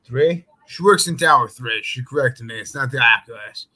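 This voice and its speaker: A man's voice: mid-range voice, normal speed, bright, forceful tone, low-quality recording. A man chatting casually, telling rambling stories full of fillers. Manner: loose, rambling storytelling with many fillers. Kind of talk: casual podcast chat.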